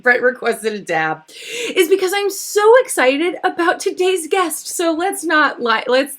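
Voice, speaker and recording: Giggly high-voiced woman hosting a stream. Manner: giggly, excitable and rambling. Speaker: host. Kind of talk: livestreamed talk show chat.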